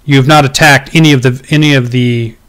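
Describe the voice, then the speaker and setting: Casual game table: guy doing a big loud dragon, deep and slow, mid-height voice underneath. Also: steady tone, lightly acted. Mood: solemn. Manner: slow, weighty pronouncements.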